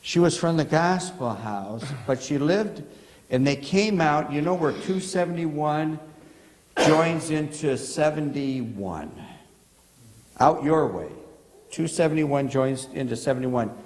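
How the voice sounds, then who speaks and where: Halting pastor in an echoing church. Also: male voice, fairly high pitch, lively intonation, darkish tone, slight background noise. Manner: halting, repeats words, asks the congregation questions. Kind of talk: rambling sermon anecdotes. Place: church sanctuary.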